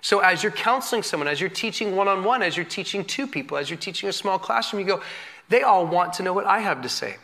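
A man preaching a sermon with a high, bright voice. He teaches candidly and with humor, poking fun at himself as he tells stories from the pulpit. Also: quick pace, vocal fry. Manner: candid, self-deprecating, animated storytelling with laughs. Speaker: pastor.

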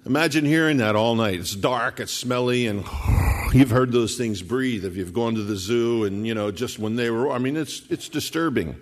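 A man's voice: medium pitch, moderate pace. A man preaching a sermon, retelling a scripture story and acting out the characters' lines in his own voice. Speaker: pastor.

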